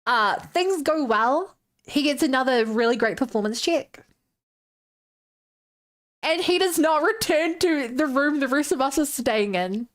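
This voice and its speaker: A woman's voice: high-pitched, expressive, unhurried. A woman streamer casually retelling a tabletop game session, chatty and loose with lots of filler words.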